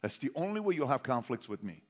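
Animated man storyteller in a reverberant hall. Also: mid-range voice, fast talker. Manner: animated, quizzes the audience, swings from loud to hushed. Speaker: motivational speaker. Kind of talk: storytelling talk to a live audience. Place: large hall with an audience.

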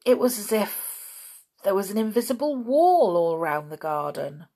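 Slow, gravelly woman reading aloud. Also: medium pitch, lively intonation, warm tone. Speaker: storyteller. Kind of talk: reading a children's story aloud.

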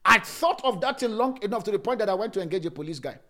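A male pastor with a high voice preaches a sermon. He repeats key phrases for emphasis. He moves between loud, emphatic preaching and soft, laughing asides. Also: animated, fast talker.

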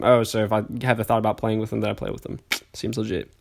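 A man's voice: on the low side, monotone, fast talker, creaky. A man in his twenties, a podcast host, reads his old school journal entries aloud and mocks them, stumbling and restarting as he goes. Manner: rambling, self-mocking, stumbles and restarts.

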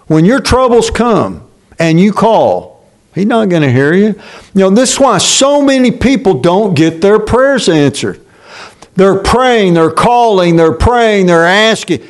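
Older male pastor, unhurried emphatic preaching, slightly high voice, halting restarts. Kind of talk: sermon.

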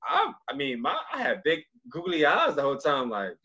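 A man's voice: a little high, huge pitch swings, normal speed, a crowd in the background. A man from Cleveland hosting a casual podcast interview, talking loosely with many fillers and repeats. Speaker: podcast host. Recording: dull lo-fi sound.

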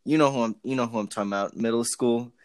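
A man's voice: mid-range voice, fast, smooth, no echo. A young man in casual chat, joking crudely and swearing a lot. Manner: crude jokey banter, heavy swearing.

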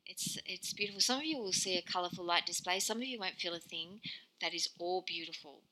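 Woman, meditation guide, very bright tone, lowish pitch, soft meandering delivery. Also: a little fast, rough recording.

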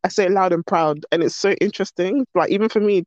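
A woman's voice: lowish voice, fast talker, no echo, muffled recording. A woman talking as a podcast guest in casual, bubbly chat that pokes fun at herself. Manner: bubbly, animated, self-mocking.

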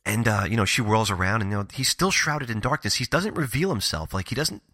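A man co-hosting a podcast, gushing with animated storytelling in casual horror movie chat. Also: fairly low pitch, brisk, no echo, clean studio sound. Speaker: podcast co-host.

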